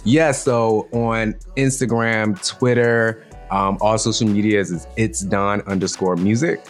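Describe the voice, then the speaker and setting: Man, Southern US accent, lowish voice, giggly and self-deprecating, casual interview guest, faint music under. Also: steady tone, measured pace. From Southern United States. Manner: giggly, self-deprecating, breaks into laughter often.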